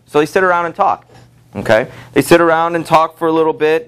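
A middle-aged male teacher gives a lecture to his class in a loose, conversational style. He leans on fillers and keeps checking in with the students. When he reads quotes aloud, his voice jumps up in pitch. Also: fast talker, fairly bright tone, clean tone. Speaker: high school literature teacher.

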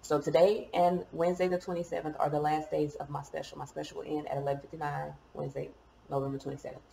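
A woman's voice: deep voice, little pitch movement, fast talker, gravelly, warm tone, reverberant, slight background noise, rough recording. A woman giving a casual tarot reading, chatty and informal, cursing now and then. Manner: chatty, swears and laughs at herself. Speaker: tarot reader.

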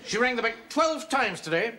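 Pompous middle-aged captain, lively delivery, hissy old TV sound. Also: male voice, very high voice, normal speed. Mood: indignant. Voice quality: pompous, blustering. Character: pompous, self-important middle-aged male platoon captain. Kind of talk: 1970s sitcom acting.

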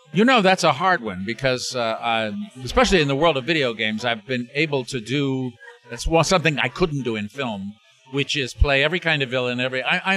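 Bright-voiced older man rambling. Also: mid-range voice. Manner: rambling, many restarts and fillers. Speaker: interview guest, actor. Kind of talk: casual interview chat.

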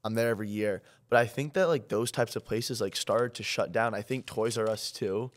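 A teenage boy chats on a school podcast, circling his points with "like" and "um" and frequent restarts. His voice sits on the lower side, relaxed and conversational. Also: a little fast. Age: teens. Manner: rambling, lots of fillers and restarts. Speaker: student podcast co-host. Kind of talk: casual chat. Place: town hall studio.

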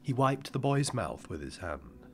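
A man narrating an audiobook in a measured, somber way. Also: mid-range voice, sing-song, a bit bright.

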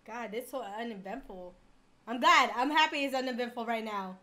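A woman's voice: fairly high pitch, normal speed, bright, forceful tone. A young woman playing a horror game, talking to viewers and gasping and yelping when startled. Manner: jumpy, gasps and yelps when scared. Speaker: gamer streamer.

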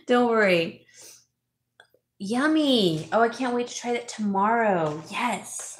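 A middle-aged woman hosting a casual haul vlog, chatting warmly and thanking viewers by name as she opens gifts. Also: fairly high pitch, expressive, measured pace. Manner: chatty, gushing, reads viewer names aloud. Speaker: vlog host, home stager. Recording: roomy echo, faint background noise.

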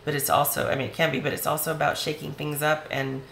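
A woman reads tarot cards for her viewers, chatty and reassuring as she speaks right to them. Her voice is hoarse and gravelly from talking. The sound is roomy and echoey, with a faint hiss behind it. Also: low voice, little pitch movement, fast, fairly bright tone. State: voice going hoarse. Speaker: tarot reader. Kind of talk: tarot reading video.

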